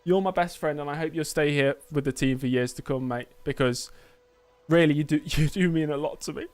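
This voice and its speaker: A racing-game streamer calls his viewers "mate" as he banters with chat in a mock press conference. His pitch is fairly high, his pace a little fast, and there's no room sound. He's set up indoors with a green screen.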